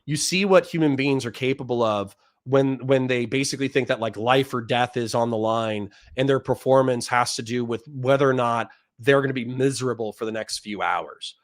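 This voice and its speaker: A man hosting a livestream, telling a boot camp story in a profane, animated way and repeating phrases for emphasis. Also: mid-range voice, normal speed, hardly any pauses. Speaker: livestream host and Marine veteran.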